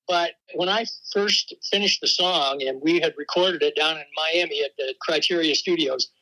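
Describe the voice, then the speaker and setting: An older man, a veteran rock drummer, telling stories in a relaxed interview and laughing often. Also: a little high, poor audio. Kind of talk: casual interview talk.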